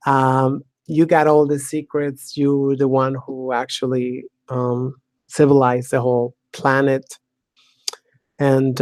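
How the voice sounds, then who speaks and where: Blunt, profane talk show host, slow talk. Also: female voice, rumbling low, darkish tone, no room sound. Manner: blunt, profane, sardonic, laughs often. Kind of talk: casual monologue.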